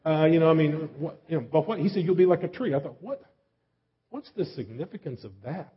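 A man's voice: a little high, animated, fast talker, slightly rough. A man preaching a sermon in a folksy, self-deprecating way, asking his listeners many questions. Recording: slightly dull, lo-fi recording.

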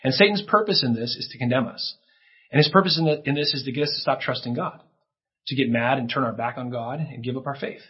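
A man's voice: mid-range voice, fast talker, husky, dull audio. A man preaching a sermon in an earnest way, his voice rising for emphasis, with a few restarts. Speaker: pastor.

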